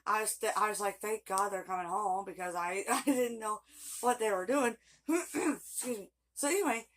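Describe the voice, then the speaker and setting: A woman's voice: medium pitch, moderate pace. A woman telling a long personal story in a casual vlog, rambling and chatty with frequent laughs. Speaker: vlogger.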